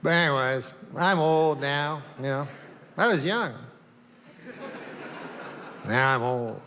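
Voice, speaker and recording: A man performing a stand-up routine, talking in a deadpan, rambling way with long setups. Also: on the high side, slow pace, noisy background. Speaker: stand-up comedian. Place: comedy stage. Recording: live stage recording in a reverberant hall, faint ambience.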